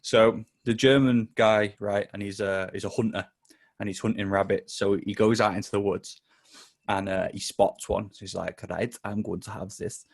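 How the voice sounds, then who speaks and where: A man's voice: lowish voice, fairly even intonation, moderate pace. A man with a Mancunian accent co-hosting a casual football podcast, swearing freely and telling jokes. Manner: sweary, jokey storyteller. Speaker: podcast co-host.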